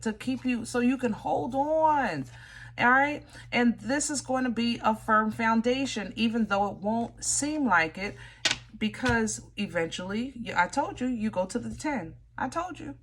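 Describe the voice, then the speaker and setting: A woman's voice: a little high, normal speed. A woman giving a casual tarot reading to viewers, chatty and direct, often teasing with "you know?" and "okay?". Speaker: tarot reader.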